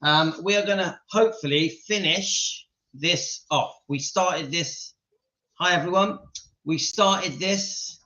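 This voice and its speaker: A man's voice: high-pitched, takes it slowly, bright, forceful tone. Giggly man hosting a home livestream. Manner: giggly, keeps breaking into laughter; talks to his dog between remarks. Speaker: live-stream host. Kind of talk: casual live-stream chat. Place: home, indoors. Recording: dull lo-fi sound.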